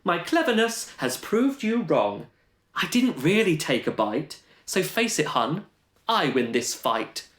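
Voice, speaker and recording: A man's voice: a little high, big pitch swings, slow, a bit bright, pitched above the performer's own voice, exaggerated voice. A man voicing a clever, cheeky young princess with a sassy delivery. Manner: sassy, triumphant. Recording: roomy echo.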